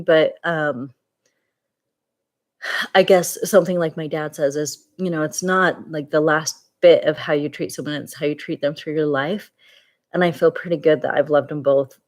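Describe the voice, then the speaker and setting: Tired woman in her 40s, lowish voice, rambling vlog update with lots of ums. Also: darkish tone. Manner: candid, rambling, many fillers and restarts. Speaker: vlogger.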